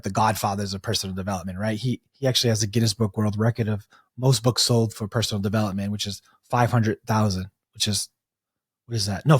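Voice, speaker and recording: A man telling animated stories as an interview guest, acting out the people he quotes. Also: mid-range voice, no room sound, clean studio sound. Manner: animated storyteller, restarts and acts out quotes. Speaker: guest, breathwork coach. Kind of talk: storytelling in an interview.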